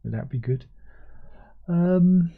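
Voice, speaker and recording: A man's voice: on the high side, expressive, slow, gravelly, phone-quality sound. A middle-aged man hosting a casual livestream, who reads out viewer comments and hums to himself between them. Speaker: livestream host.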